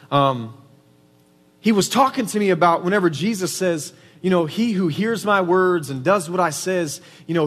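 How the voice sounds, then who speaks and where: Male pastor, higher register, casual sermon delivery in a reverberant church. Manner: conversational preaching, frequent "right?" tag questions. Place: church sanctuary. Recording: reverberant hall.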